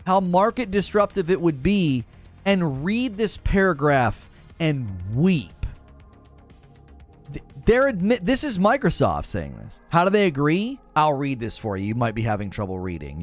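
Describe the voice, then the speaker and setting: A man streaming heated gaming commentary, sarcastic and animated, mocking viewers in put-on voices. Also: fairly high pitch.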